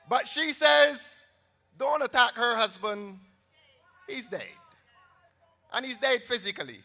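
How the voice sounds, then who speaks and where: A man's voice: extremely high pitch, slow, gravelly, pushed and bright, big-room sound. A Barbadian man giving a theatrical, sarcastic campaign rally speech. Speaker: political campaign speaker.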